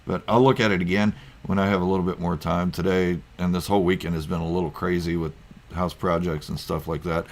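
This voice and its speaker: A man's voice: sits low, flat delivery, quick pace. A man hosting a casual live stream from home, rambling through viewer comments with lots of ums and chuckles. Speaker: YouTube channel host.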